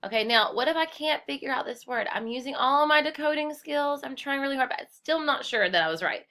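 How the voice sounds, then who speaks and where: A woman's voice: high-pitched, lively intonation, brisk, sharp tone. A woman teaching a kindergarten class through a screen-recorded computer lesson. She speaks in a cheerful, encouraging way and calls the children friends.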